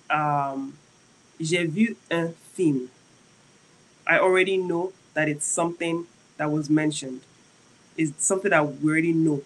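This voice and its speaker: A chatty French teacher running a live lesson, often checking in with viewers. Slows right down to spell out each French example. There is faint noise in the background. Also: medium pitch, rough recording. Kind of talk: live-streamed language lesson.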